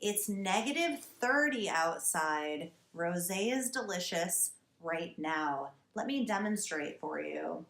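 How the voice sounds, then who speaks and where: A woman in her thirties hosts a casual wine vlog from a basement cellar. Her delivery is slow and deliberate, wry and emphatic, with a comic, exasperated edge. The room adds a noticeable echo around her voice. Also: fairly low pitch, lively intonation, fairly bright tone. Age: 30s. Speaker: wine show host. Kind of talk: casual comic monologue to camera. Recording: roomy echo.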